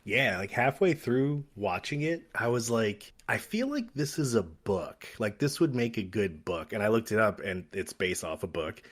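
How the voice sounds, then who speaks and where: A man's voice: lowish voice, animated, moderate pace, hardly any pauses. A man co-hosting a podcast, talking in an easygoing, rambling way. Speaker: podcast co-host. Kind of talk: casual chat.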